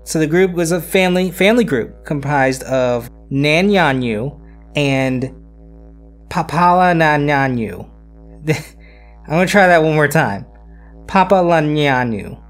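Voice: medium pitch, a little slow, faint music behind. Chatty history podcaster with jokey asides. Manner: conversational, repeats words, self-deprecating asides. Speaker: podcast host. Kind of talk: casual history podcast narration.

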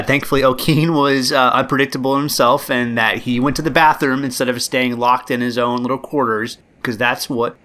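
A man's voice: medium pitch, sharp tone. A man hosting a podcast, telling a true story casually and rambling with many ums and uhs. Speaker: podcast host.

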